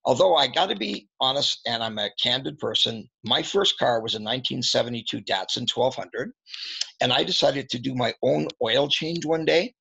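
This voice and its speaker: A man coaching auto service advisors, telling candid anecdotes and clearing his throat often. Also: medium pitch, normal speed, pushed and bright. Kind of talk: storytelling training talk. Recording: dull lo-fi recording.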